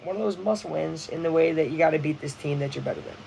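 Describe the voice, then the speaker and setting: Excitable young man chatting over baseball. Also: on the high side, fast, vocal fry, slight background noise, rough recording. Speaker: livestream host. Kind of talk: casual live baseball watch-along chat.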